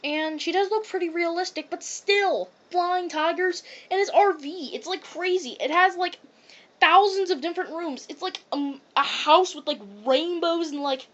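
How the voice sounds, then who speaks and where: A high-pitched woman rants about a cartoon in a casual, rambling way. She strings thoughts together with constant "um"s and "like"s as she reviews. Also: normal speed, lo-fi sound. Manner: rambling, heavy on fillers like "um" and "like".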